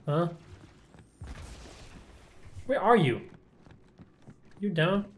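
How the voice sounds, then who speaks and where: A man's voice: sits high, very animated, extremely slow, a little hiss or hum. A young man commentating his first playthrough of a shooter game, jumpy and swearing often, yelping when startled. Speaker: gameplay streamer.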